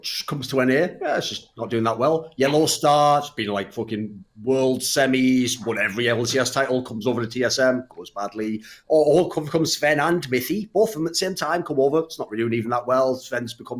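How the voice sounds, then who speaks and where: A man, co-hosting a podcast and ranting in brash, profane, sarcastic bursts. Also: medium pitch. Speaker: podcast co-host. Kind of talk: casual podcast chat.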